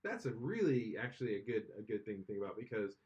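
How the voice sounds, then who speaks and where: A man's voice: on the low side, sing-song, fast, a little mellow, lo-fi sound. A man co-hosting a casual podcast chat, rambling and opinionated, full of restarts. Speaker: podcast co-host.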